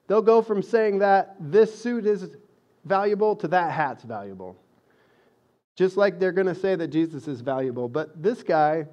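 A man's voice: a little high, a little mellow, lo-fi sound. A man preaching a sermon in a conversational way, growing emphatic when he reads scripture aloud. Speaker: pastor.

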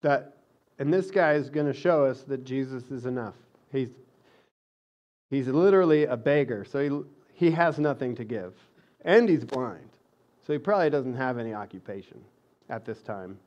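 A man's voice: mid-range voice, a little mellow, lo-fi sound. A man preaching a sermon in a conversational way, growing emphatic when he reads scripture aloud. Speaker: pastor.

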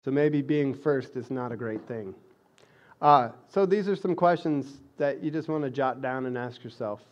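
A man's voice: mid-range voice, normal speed, muffled recording. A man preaching a sermon in a conversational way, growing emphatic when he reads scripture aloud. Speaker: pastor.

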